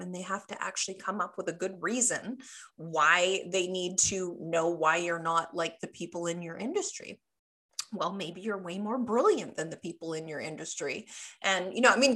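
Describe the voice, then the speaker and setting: A middle-aged woman hosting a radio talk show as a business coach, chatting in a lively, storytelling way. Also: mid-range voice. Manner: chatty, animated storytelling with acted quotes.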